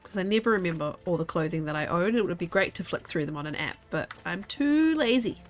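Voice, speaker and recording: A woman's voice: fairly low pitch, lively intonation, brisk, faint music behind. Sleepy, chatty woman streamer. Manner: chatty, rambling, talks to chat. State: sleepy, yawning. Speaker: game streamer. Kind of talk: casual gameplay chat.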